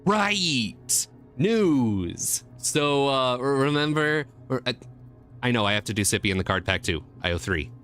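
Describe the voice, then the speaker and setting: A man chatting casually on a live stream, excitable, swinging from mumbles to squeals. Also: mid-range voice, measured pace, soft background music.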